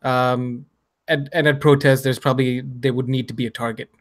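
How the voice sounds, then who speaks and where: A man making an earnest point in casual podcast chat, thinking aloud and pausing on fillers as he goes. His pitch is middling and his delivery conversational. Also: level tone. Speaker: podcast co-host.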